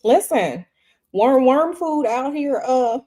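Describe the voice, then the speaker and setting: A woman's voice: high voice, lively intonation, takes it slowly, mellow. Chatty woman livestreaming tarot. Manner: chatty, repeats herself, talks straight to viewers. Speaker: tarot reader and livestream host. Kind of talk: casual livestream chat. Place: hotel room.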